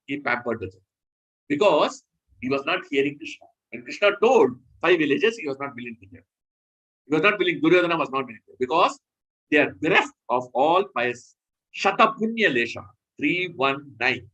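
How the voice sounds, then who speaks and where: A man preaching in a scripture lecture, emphatic and animated, often stopping to correct himself. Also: fairly high pitch, slightly rough, muffled recording.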